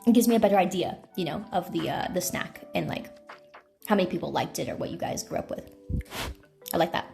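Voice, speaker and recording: Mellow-voiced American woman chatting to her stream. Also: fairly low pitch, a little fast, vocal fry, faint music behind. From California, USA. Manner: chatty, talks to chat between bites, swears casually. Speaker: livestreamer. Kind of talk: casual livestream chat. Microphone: phone.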